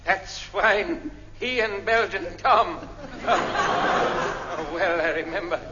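An actor playing a leering, rambling, lecherous old army major in a 1950s radio comedy. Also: male voice, high-pitched, very slow, a crowd in the background, background noise. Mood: bumbling. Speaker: army officer. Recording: muffled old broadcast with hall echo, audience.

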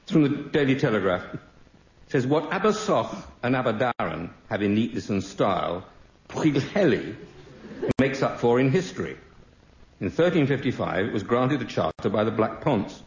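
A man's voice: medium pitch, sing-song, normal speed, lo-fi sound, noisy background. A man on a comedy panel telling a rambling anecdote, chuckling as he goes. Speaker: quiz panelist. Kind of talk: comic panel banter. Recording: roomy broadcast with loud audience.

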